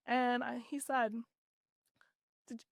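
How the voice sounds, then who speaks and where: Woman, podcast guest, earnest animated storytelling, slightly high pitch. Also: normal speed, creaky, no echo. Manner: earnest, animated retelling with many "like"s. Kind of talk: casual interview storytelling.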